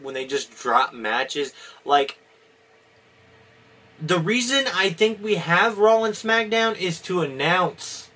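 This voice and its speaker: A man's voice: fairly high pitch, pushed and bright. A man giving a casual, opinionated video review, rambling with many restarts and fillers. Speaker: wrestling reviewer.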